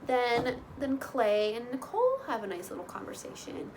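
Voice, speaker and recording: A woman casually recapping a reality show, chatty, with lots of "like" and "you know" and lively quoted bits. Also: a little high, moderate pace, slight background noise, poor audio. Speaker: recap host.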